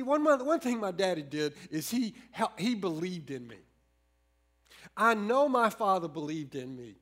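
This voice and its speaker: High-voiced preacher, earnest. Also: male voice. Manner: earnest, with many restarts and shifts between slow emphasis and quick storytelling. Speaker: pastor. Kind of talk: sermon.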